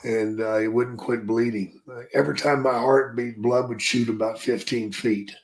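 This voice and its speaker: Older guy spinning rough wrestling stories, cusses a lot, slow drawl. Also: mid-range voice, steady tone. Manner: profane, drawling storyteller. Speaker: podcast guest, retired wrestler. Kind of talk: casual storytelling.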